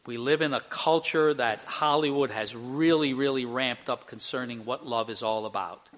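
A man's voice: mid-range voice, moderate pace, a bit bright. An older man preaching a sermon, telling a story earnestly and acting out the people in it. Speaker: pastor.

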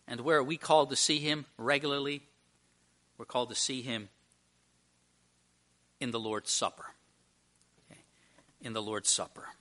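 Bright-voiced pastor preaching with emphasis. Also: male voice, mid-range voice. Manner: emphatic, with rhetorical questions. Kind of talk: sermon. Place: church service at communion.

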